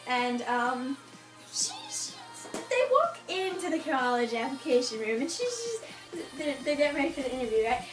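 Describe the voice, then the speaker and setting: Teen girl vlogger, high voice, exasperated rant about a book, recorded far off in an echoey room with faint music under. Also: animated, moderate pace. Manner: exasperated, ranting, mocking voices. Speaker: book reviewer. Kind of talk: casual book review.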